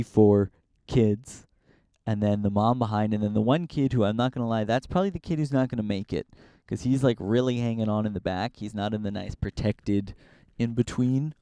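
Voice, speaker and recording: A man's voice: on the low side, warm tone, clean tone, dry recording, clean studio sound. A young man from Northern California hosting his own podcast outdoors on a hiking trail, talking in a rambling, profane, self-deprecating way into a handheld camera as he walks. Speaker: podcast host. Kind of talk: casual walk-and-talk vlog.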